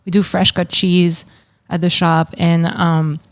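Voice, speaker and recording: A woman's voice: lowish voice, little pitch movement, takes it slowly, no echo. A woman with a French accent, a cheese shop owner explaining things in a casual podcast chat and laughing easily.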